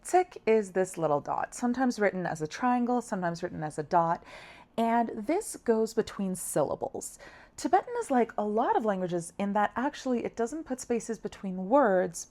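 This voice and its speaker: A young woman teaching a language lesson, patient and encouraging, sounding out syllables slowly. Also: medium pitch, darkish tone. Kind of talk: friendly scripted lesson.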